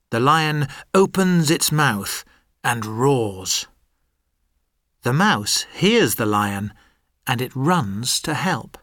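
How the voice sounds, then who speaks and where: A man's voice: medium pitch, a bit bright, dry recording, clean studio sound. A man reading a simple story aloud for language learners, carefully and expressively. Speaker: narrator of a listening exercise.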